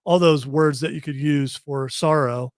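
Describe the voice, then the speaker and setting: High-voiced rambling male radio host. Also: fairly even intonation, measured pace, no room sound, clean studio sound. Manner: rambling, repeats words, self-deprecating. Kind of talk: casual radio chat.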